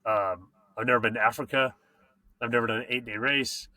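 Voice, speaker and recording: Male podcast host, bright tone, hyped and slangy, casual and profane. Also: medium pitch, fairly quick. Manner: excited, slangy, swears freely. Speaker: podcast host and mountain bike racer.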